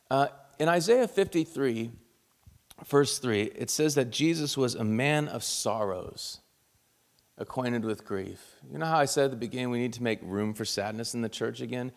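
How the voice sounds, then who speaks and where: A man's voice: medium pitch, moderate pace, creaky, in a large hall. A man, a pastor, preaching a sermon and telling a personal story in an earnest, heartfelt way.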